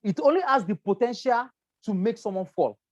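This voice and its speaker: A woman's voice: on the high side, expressive, fairly quick, a little mellow, no room sound, muffled recording. Woman, Nigerian English accent, safety trainer, repeats herself while explaining, dry close sound. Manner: repetitive, explanatory, asks "right?" often. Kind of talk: lecture on workplace safety. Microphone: presentation with slides.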